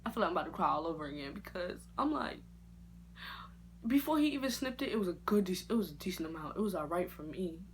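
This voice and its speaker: A woman vlogger telling a personal story in a casual, slangy and expressive way. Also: on the low side, fast, a little hiss or hum. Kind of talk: story time vlog.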